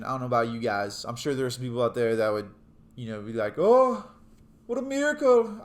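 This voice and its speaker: A man's voice: mid-range voice, fairly bright tone. A young adult man giving a casual youth sermon as a youth pastor, chatty and joking as he tells stories.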